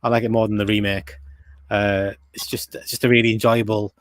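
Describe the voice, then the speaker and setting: A man's voice: on the low side, little pitch movement, fairly quick. A man co-hosting a casual movie review chat, rambling with frequent fillers and repeated words. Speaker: podcast co-host.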